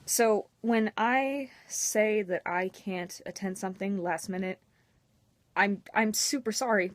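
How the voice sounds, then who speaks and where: A woman's voice: mid-range voice, unhurried, dry recording. A young woman talking candidly and emotionally to her camera in a personal vlog, with a self-mocking edge. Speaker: vlogger.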